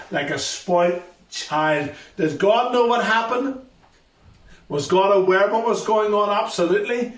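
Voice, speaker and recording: A youth ministry speaker with a fairly high voice unhurriedly retells a Bible story to a school assembly, hammering points home through repetition. He is far from the mic in a spacious hall full of echo.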